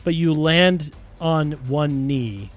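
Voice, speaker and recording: A man's voice: on the high side, slow pace, faint music behind. A man narrating as game master of a tabletop game, playful and often laughing as he describes the action.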